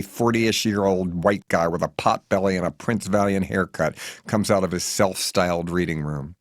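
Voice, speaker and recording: Wry low-voiced man reading his memoir. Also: dry recording, studio quality. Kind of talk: audiobook narration.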